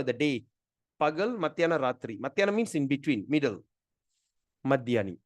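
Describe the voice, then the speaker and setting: A middle-aged Gita teacher with a fairly high-pitched voice, captured in a dry, studio-quality recording. He teaches a scripture class in a chatty, emphatic manner.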